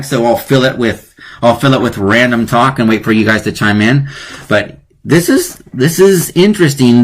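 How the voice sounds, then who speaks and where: A man's voice: medium pitch, fairly bright tone. A man hosting a live-streamed lesson on wordplay, chatty and playful, often laughing at his own jokes. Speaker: teacher hosting a live online class.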